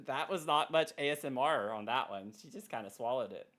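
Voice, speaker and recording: A man streaming casually at his desk mic, excitable and giggly, cooing softly to his pet between thanks to viewers. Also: mid-range voice, normal speed. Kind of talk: casual live-stream chat. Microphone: desk microphone.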